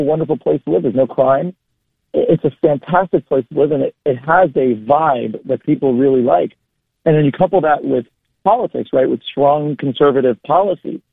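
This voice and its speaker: A man's voice: a little high, vocal fry, breathy edge, dry recording. Upbeat man on a tinny phone line. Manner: upbeat, promotional, repeats words. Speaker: guest, local party chair. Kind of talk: radio phone interview.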